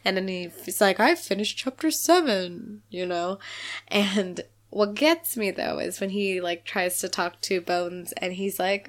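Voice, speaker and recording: A woman's voice: mid-range voice, measured pace. A woman co-hosting a podcast, recapping an episode in casual chat, laughing often and acting out characters' lines. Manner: giggly, animated, quotes characters in playful voices. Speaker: podcast co-host.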